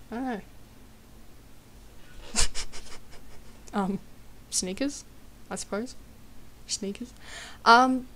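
A woman's voice: mid-range voice, slight background noise. Giggly Australian teenage girl. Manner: chatty, giggly, hesitant with many ums. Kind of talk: casual vlog.

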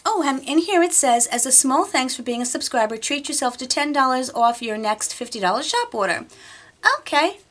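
Chatty, excitable woman vlogger. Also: sits high, normal speed. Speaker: beauty vlogger. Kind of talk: casual unboxing vlog.

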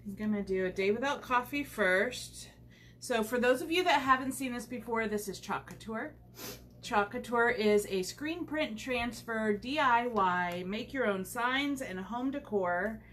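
A woman's voice: a little high, measured pace, a bit bright, slight background noise. A woman chatting casually while demonstrating a craft on a livestream, rambling with many fillers, recorded at home on the camera mic.

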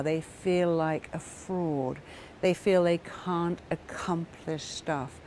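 A middle-aged woman therapist giving a motivational talk, telling client stories in a lively way and acting out the voices of the people in them. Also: on the low side, a little hiss or hum. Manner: animated storytelling that acts out quoted voices.

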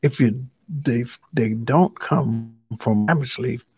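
A man's voice: mid-range voice, slow, a little mellow, slightly rough, no echo. A man reading a children's story aloud as a Bible study teacher, playfully stopping to ask the listener questions.

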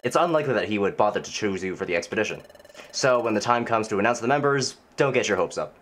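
A man's voice: on the low side, lively intonation, fast talker, a bit bright, a little hiss or hum. A man voicing a bossy, strict male bird who runs a guild and lectures in a stern tone.

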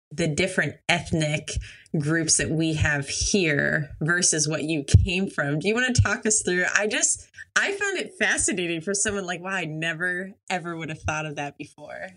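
Female podcast host, conversational interviewer, lower voice, affirming. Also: a bit bright.

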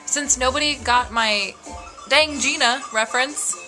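A woman's voice: high-pitched, a little slow, sharp tone, faint music behind. A woman chatting casually and playfully at home, laughing easily as she talks. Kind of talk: casual chat.

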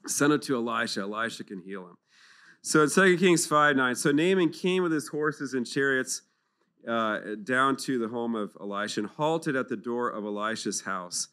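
A man giving an animated, jokey talk on scripture at a clergy retreat, acting out the figures in playful voices. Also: mid-range voice, moderate pace, smooth. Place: conference hall.

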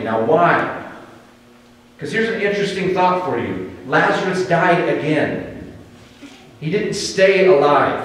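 Echoey American pastor preaching in a hall. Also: male voice, high voice. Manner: conversational, animated storytelling with dramatic pauses. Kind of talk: sermon. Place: church sanctuary. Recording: echoey hall, distant mic.

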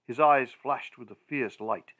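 A male audiobook narrator with a mid-pitched voice, reading a gothic tale at an unhurried, deliberate pace. Every sentence is shaped and paced with care. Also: a bit bright.

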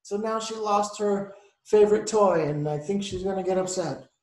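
The voice is a man's, sitting high and moving at normal speed, heard in an echoey room with poor audio. He's a teacher reading a picture book to children, chatty as he stops to explain the pictures and ask the kids questions.

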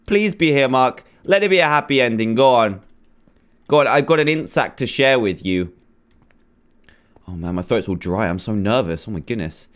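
A man commenting nervously as he plays a horror game, pleading and reacting loudly to scares. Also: mid-range voice, lively intonation, normal speed. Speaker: gamer.

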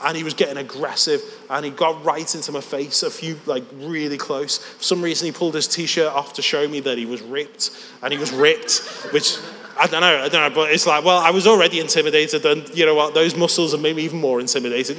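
A man's voice: on the high side, fairly quick, a bit bright, a little hiss or hum. A man preaching a sermon in a church hall, telling a story in a conversational, self-deprecating way. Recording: long church reverb.

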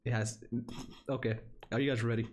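A man's voice: mid-range voice, fairly even intonation, brisk. A young man streaming live, flustered and swearing as he reads game text aloud. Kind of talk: live gameplay commentary.

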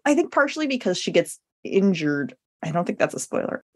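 A woman's voice: fairly low pitch, sing-song, fairly quick, breathy edge. A woman hosting a book podcast, enthusiastic and giggly as she asks the author about the novel. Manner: friendly, giggly, enthusiastic reader. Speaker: podcast host. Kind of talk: casual podcast interview.

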